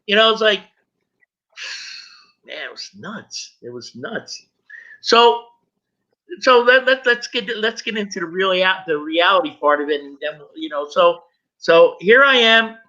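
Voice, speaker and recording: A middle-aged man, a guest, telling his personal story with emotion, halting and repeating words as he goes. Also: high voice, expressive, pushed and bright. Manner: halting, stumbles and repeats words when moved. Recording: dull lo-fi recording.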